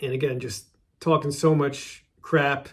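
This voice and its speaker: A man's voice: mid-range voice, steady tone, a little slow. A man hosting his own show, casually recapping a favorite wrestling segment, often repeating and restarting his words.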